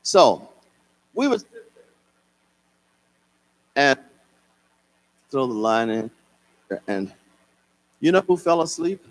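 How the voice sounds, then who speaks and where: Slow, animated older male storyteller. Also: mid-range voice. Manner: slow, expressive, sing-song delivery. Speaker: author and singer giving a reading. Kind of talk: storytelling at a live reading. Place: concert hall at a public reading.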